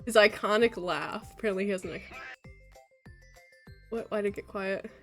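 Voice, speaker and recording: A young woman streaming a game, chatting casually and breaking into loud laughing shrieks. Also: medium pitch, moderate pace, soft background music. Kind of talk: casual gaming stream chat.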